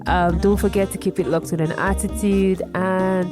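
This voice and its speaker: Nigerian woman podcast host, mid-pitched, chatty and warm, music bed clearly under her. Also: fairly even intonation, moderate pace. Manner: warm, chatty, laughs easily. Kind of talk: casual interview.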